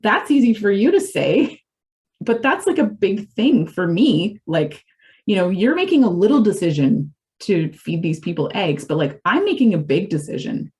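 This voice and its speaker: A woman's voice: medium pitch, sing-song, moderate pace, a little mellow, lightly acted. A woman voicing a reluctant pig who protests in a spoken parable. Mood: protesting.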